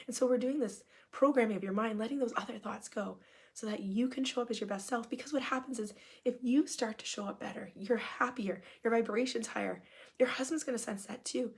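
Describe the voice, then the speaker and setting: A woman coach talks in a casual, upbeat and encouraging way, sometimes sinking almost to a whisper. Her voice is husky with a gravelly edge. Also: fairly high pitch, fairly even intonation, brisk, a little mellow. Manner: chatty, upbeat and encouraging, dropping to near-whispers at times. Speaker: marriage coach and hypnotist. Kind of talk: casual talk answering questions.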